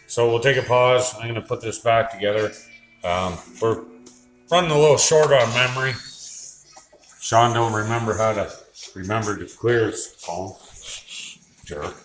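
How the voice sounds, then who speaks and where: A man's voice: lowish voice, normal speed, long pauses, echoey room, rough recording. A man working as an auto mechanic, explaining repairs in a casual, joking, rambling way in a repair garage. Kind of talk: casual shop walkthrough. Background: radio music playing.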